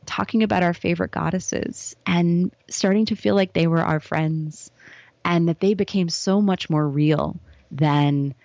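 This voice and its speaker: A woman speaking as an interview guest, leading a slow, soft guided visualization with some words whispered, then talking casually. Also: fairly low pitch, dry recording.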